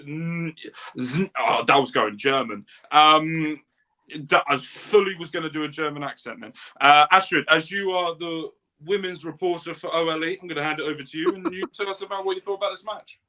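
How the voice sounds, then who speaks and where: A man's voice: on the high side, lively intonation, fairly quick, bright, forceful tone. A young English man hosting a casual wrestling review show, rambling and jokey. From England. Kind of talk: casual chat.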